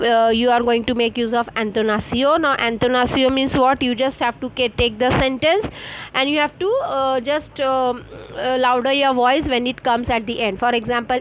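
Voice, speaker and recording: A woman teaches French online. She explains each answer slowly, pausing on fillers and spelling words out letter by letter, in the manner of a classroom correction session. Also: sits high, a bit bright, a little hiss or hum, poor audio.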